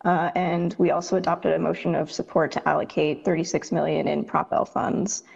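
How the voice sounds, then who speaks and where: Gravelly-voiced woman giving a report. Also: deep voice, flat delivery, normal speed, darkish tone, big-room sound, lo-fi sound. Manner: businesslike, with fillers. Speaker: advisory committee vice chair.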